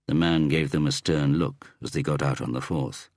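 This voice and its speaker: A man narrating a crime novel in a measured, expressive reading. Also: rumbling low, no echo, clean studio sound. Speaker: audiobook narrator. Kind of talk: scripted narration.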